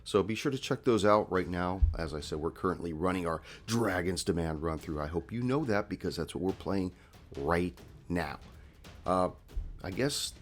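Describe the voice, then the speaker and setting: A congested man hosting a tabletop game podcast as game master, talking in a relaxed, rambling way with plenty of fillers. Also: low-pitched. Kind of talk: podcast intro and casual chat.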